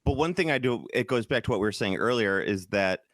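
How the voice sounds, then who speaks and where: A man's voice: on the low side, animated, fast, a bit bright, dry recording, clean studio sound. A man from Chicago co-hosting a podcast, chatting casually in a rambling, enthusiastic way, often trailing off and restarting. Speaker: podcast co-host. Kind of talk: casual chat.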